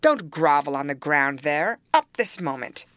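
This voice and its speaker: A woman's voice: low voice, big pitch swings, unhurried, fairly bright tone, dry recording, heavily acted. A woman reading the part of a harsh, mocking middle-aged man with curbed ferocity in an audiobook. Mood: scornful. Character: harsh, scornful middle-aged male landowner.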